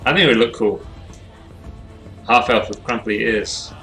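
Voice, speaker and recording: Bright-toned man chatting on stream. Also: medium pitch, a little slow, vocal fry, faint music behind. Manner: rambling, laughs often, thinks aloud. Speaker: streamer designing characters. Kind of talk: casual live-stream chat.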